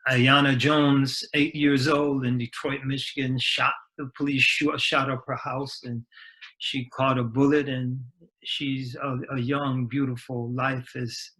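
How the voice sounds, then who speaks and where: A man, an imam, gives a grave, measured talk at a community healing circle, pausing often with "uh" fillers. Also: medium pitch, a bit bright, rough recording. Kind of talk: reflective talk.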